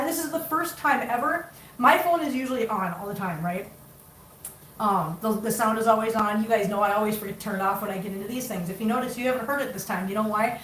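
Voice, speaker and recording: A woman's voice: on the high side, reverberant, distant mic, slight background noise, rough recording. A chatty middle-aged woman rambling casually to her livestream viewers while cooking in her home kitchen. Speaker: cat rescue vlogger.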